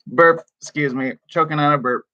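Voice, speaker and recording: A man talks casually to his viewers on a live stream from his room, with an unhurried, drawn-out pace. He is chatty and excitable and laughs often. The audio sounds dull and lo-fi. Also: mid-range voice. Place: home room.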